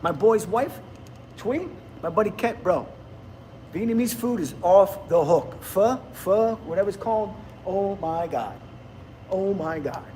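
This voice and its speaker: A man's voice: high-pitched, animated, unhurried, dark tone, slight background noise. A man, rambling bluntly and laughing often in casual livestream chat with viewers. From New Jersey, USA. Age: 50s. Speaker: livestream host.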